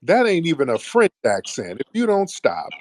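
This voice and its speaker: A man's voice: on the high side, huge pitch swings, moderate pace, no echo. A man hosting a heated call-in debate, mocking and combative, talking over his caller. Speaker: host.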